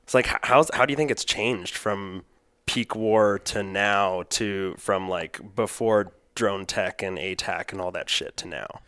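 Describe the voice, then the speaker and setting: Low-voiced laid-back podcast host. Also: male voice, smooth, no echo, clean studio sound. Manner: relaxed, quick reactions and jokes, casual swearing. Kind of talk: casual interview.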